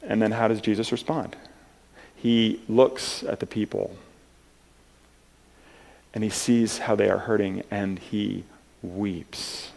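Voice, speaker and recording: A man preaching a sermon in an earnest, halting way, with many restarts, moving between soft and loud passages. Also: lowish voice, steady tone, creaky. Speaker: pastor.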